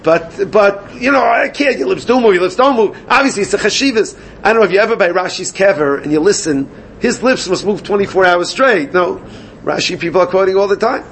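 A man teaching a Gemara class, animated and questioning his students. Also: high-pitched, a little fast, slight background noise. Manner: animated, questioning students, mixes Yiddish and Hebrew terms. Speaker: Talmud teacher.

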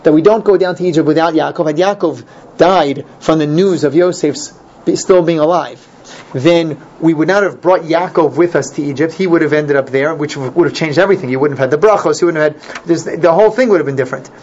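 A man teaching an informal Torah class, animated and repeating his points for emphasis. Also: on the high side, brisk. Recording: dull lo-fi recording, faint noise.

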